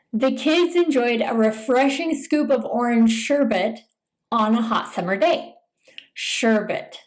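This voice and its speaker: Woman, pronunciation coach reading a scripted lesson, unhurried and clearly enunciated, a bit high-pitched. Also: rough recording. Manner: slow, deliberate, careful enunciation. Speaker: English pronunciation teacher.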